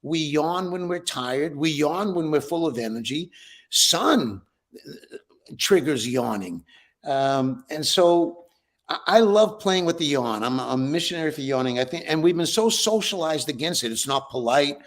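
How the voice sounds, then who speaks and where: A man's voice: a little high, animated, moderate pace. An older man, a breathwork teacher, answering interview questions with enthusiasm and frequent restarts. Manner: enthusiastic, repeats words when starting.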